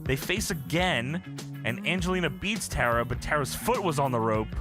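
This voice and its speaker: Laughing, animated man recapping wrestling. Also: a little high, normal speed, music in the background. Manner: laughs often, recounts scenes with quoted voices. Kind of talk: casual profane chat.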